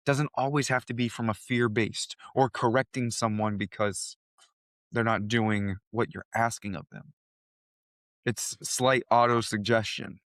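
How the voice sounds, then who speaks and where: A man's voice: mid-range voice, steady tone, a little slow, a bit bright, dry recording, studio quality. A man who works as a coach, co-hosting a podcast and telling stories from his coaching in an earnest, convinced way. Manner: earnest storytelling, speaks with conviction. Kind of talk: casual chat.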